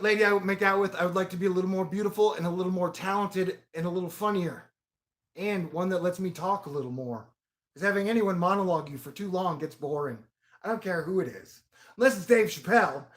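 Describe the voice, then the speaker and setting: Male vlogger, high voice, profane rambling monologue with loud outbursts. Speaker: video blogger.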